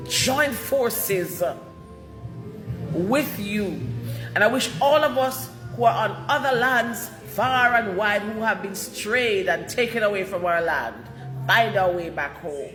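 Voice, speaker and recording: Woman from jamaica, fervent declamatory address, roomy echo, music playing behind. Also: medium pitch. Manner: fervent, declamatory, emphatic repetitions. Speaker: commentator. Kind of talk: impassioned video address. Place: salon.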